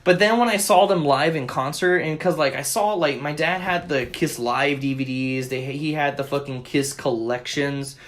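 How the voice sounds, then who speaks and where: A young man co-hosting a casual podcast chat, telling a rambling, profanity-laden story with excitable bursts, recorded on a phone. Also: on the high side, moderate pace, hardly any pauses. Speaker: podcast co-host.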